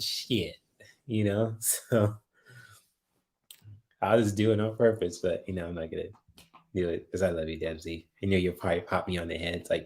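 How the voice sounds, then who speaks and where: A man's voice: deep voice, steady tone, normal speed, pauses often, a little mellow. A man hosting a late-night live stream, reading viewer comments aloud, laughing often and teasing playfully, a little sleepy. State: sleepy, yawning. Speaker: livestream host.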